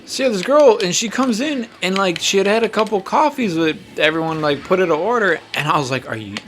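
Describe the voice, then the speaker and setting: A man's voice: sits high, animated, brisk, slight background noise. A man in his twenties telling a rambling, profane, self-mocking story in a casual chat while gaming. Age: 20s. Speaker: podcast host.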